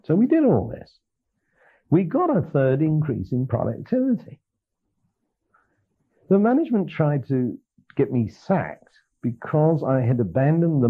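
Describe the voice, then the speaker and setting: A man's voice: fairly high pitch, breathy edge. Older male lecturer on a lo-fi archival tape. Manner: animated, acts out dialogue, laughs often. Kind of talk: lecture with storytelling.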